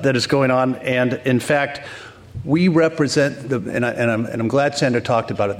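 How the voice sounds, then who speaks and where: A man giving a welcome speech at a conference as mayor, upbeat with joking asides and frequent restarts. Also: mid-range voice.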